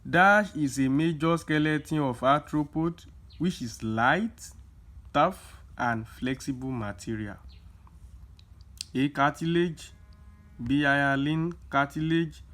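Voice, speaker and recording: A man's voice: a little high, a bit bright. A young man, tutoring students through exam questions in a casual lesson, repeating key points with emphasis. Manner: explains slowly with many repeats, emphatic.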